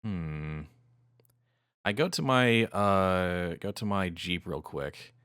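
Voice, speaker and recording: Very deep-voiced man playing a tabletop game. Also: lively intonation, slow pace, fairly bright tone, clear, resonant tone, no room sound, clean studio sound. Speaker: player. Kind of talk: casual tabletop role-play.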